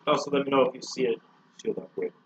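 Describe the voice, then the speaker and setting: A let's play co-host with a medium-pitched, fairly even, fast voice jokingly commentates a video game, hamming up a mock Russian accent. The recording is dull and lo-fi.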